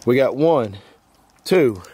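A man's voice: mid-range voice, expressive, takes it slowly, mellow, breathy edge. A young man hosting a fishing vlog from a boat, chatty and upbeat as he talks straight to viewers. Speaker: fishing guide and host. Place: on a boat on a lake outdoors.

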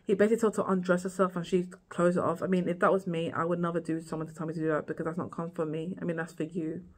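A woman's voice: fairly low pitch, little pitch movement, racing. A woman vlogging a casual, rambling recap of a TV series, full of "like" and "girl" asides.

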